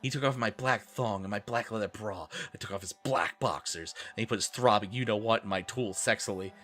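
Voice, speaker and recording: A man's voice: lowish voice, brisk, fairly bright tone. A man streaming a comedic dramatic reading, with sarcastic, swearing, laughing asides. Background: faint rock music.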